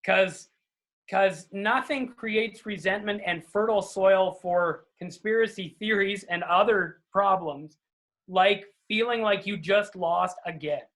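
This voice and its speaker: A man's voice: high voice, slow, fairly bright tone. A man speaking as a guest in a casual conversation over a video call, earnest and often checking in with "right?".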